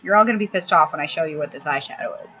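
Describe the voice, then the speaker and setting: In a casual makeup vlog shot at home, a woman races along in a deep voice that sounds pushed and bright, with a breathy edge. Her rambling is blunt, crude and cranky, full of swearing. The laptop mic recording is slightly dull and faintly hissy.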